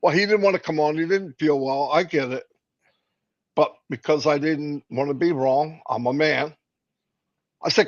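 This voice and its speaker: A man's voice: a little high, moderate pace, pauses often. A man co-hosting a casual live stream, rambling and joking with many fillers and restarts. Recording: dull lo-fi stream audio.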